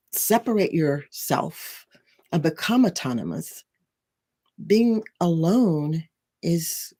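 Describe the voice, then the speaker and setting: Husky, rambling spiritual coach. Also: medium pitch, mellow. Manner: rambling, full of restarts and tag questions. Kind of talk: casual teaching talk.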